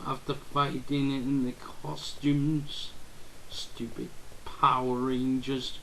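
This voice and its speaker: A man's voice: medium pitch, fairly bright tone, slight background noise, rough recording. A man rambling goofily over a game, drifting off topic and breaking into silly bits of song. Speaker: let's play gamer. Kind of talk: rambling gameplay commentary.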